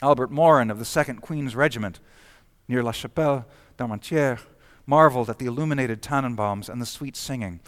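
A man narrates a historical documentary in a measured, storytelling manner. His voice sits at an ordinary middle pitch, recorded close and dry with no room sound. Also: no echo.

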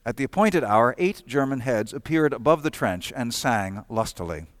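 A man's voice: mid-range voice, expressive, dry recording. Man narrating a history, dry close sound. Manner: measured, storytelling delivery. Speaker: documentary narrator.

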